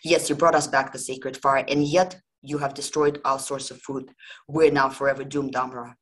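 A woman's voice: very deep voice, level tone, normal speed, fairly bright tone. A woman voicing a lamenting crowd of ancient villagers in a told folk tale, wailing and pleading.

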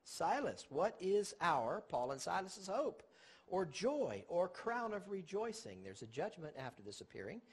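Husky-voiced male Bible preacher. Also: sits high, very animated, a little slow. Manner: rhetorical questions, emphatic on key words. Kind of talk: Bible teaching sermon.

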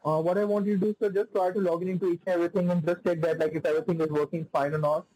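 A man's voice: sits high, level tone, racing, mellow. A man on a phone call, posing as a support agent, who talks in a repetitive way, full of "like" and "sir". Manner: repetitive, fills speech with "like" and "sir".

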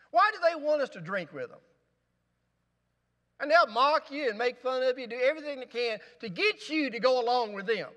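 A man's voice: extremely high pitch, sharp tone, long reverb tail. A male pastor preaching a sermon in a church, with rising emphasis and rhetorical questions. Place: church sanctuary.

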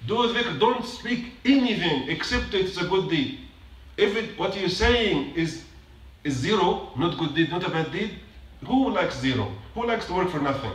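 In a mosque prayer hall, a man with a high voice and big pitch swings gives a short sermon at a moderate pace. He is emphatic, repeats his points and puts questions to the congregation, recorded from a distance in an echoey hall.

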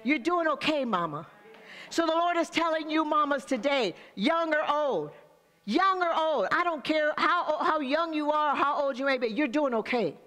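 A woman's voice: high voice, normal speed, a bit bright, big-room sound. An older woman pastor preaching a sermon, speaking straight to the congregation with call-and-response asides.

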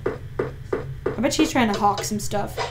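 A woman co-hosting a let's play, chatting playfully and reading the game's text aloud. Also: mid-range voice. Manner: playful, giggly, quick asides. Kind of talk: casual gameplay chat, reading game text aloud. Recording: noisy home recording.

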